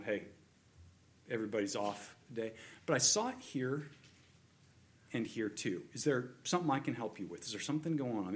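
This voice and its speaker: A man preaching a sermon, earnest and repetitive, building emphasis on key points. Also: mid-range voice. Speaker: pastor.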